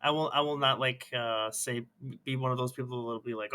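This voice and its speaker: A man's voice: mid-range voice, steady tone, a little fast, pushed and bright, clear, resonant tone. A man on a discussion panel, chatting in an easygoing, laid-back way.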